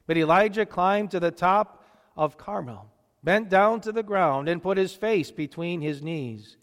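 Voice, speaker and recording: A man reading scripture and preaching in a church, steady and deliberate, with measured pauses. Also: high voice, long reverb tail.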